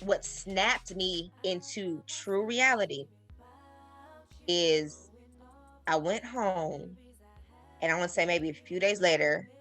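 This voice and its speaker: A woman guest on a podcast, telling a personal story in casual, animated talk and acting out the people in it. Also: sits low. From grew up singing in church. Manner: lively, animated retelling with quoted voices.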